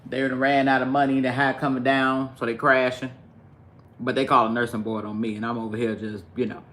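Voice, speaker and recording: A man's voice: mid-range voice, level tone, a little fast, a bit bright, slight background noise. A man, ranting profanely and animatedly to his livestream viewers. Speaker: live streamer.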